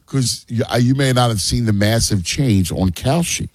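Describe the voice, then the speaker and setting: A man's voice: mid-range voice, moderate pace, dry recording. A man hosting a sports talk show, speaking casually and emphatically.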